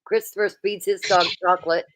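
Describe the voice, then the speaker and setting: A woman's voice: medium pitch, fairly even intonation, brisk. A woman hosting a casual livestream, chatting and reading viewer comments aloud. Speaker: livestream host.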